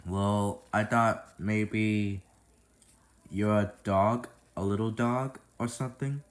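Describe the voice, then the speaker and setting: A man's voice: on the low side, steady tone, slow. A man voicing a small, childlike cartoon bird that cheeps and guesses naively.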